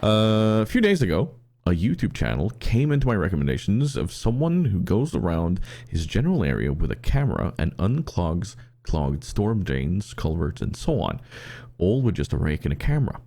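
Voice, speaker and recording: A man with a deep, dark voice and a gravelly edge tells stories on a casual podcast. His pitch rises and falls a great deal, and he often trips over and restarts his sentences. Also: normal speed. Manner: animated storyteller, restarts often. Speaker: podcast co-host.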